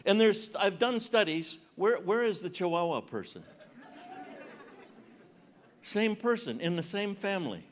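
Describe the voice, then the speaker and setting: A man's voice: high-pitched, expressive, unhurried, long pauses, some chatter behind, a little hiss or hum. Seventies man doing teasing stand-up. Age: 70s. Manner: conversational, teasing audience members. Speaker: comedian. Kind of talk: stand-up comedy with audience banter. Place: large conference hall stage.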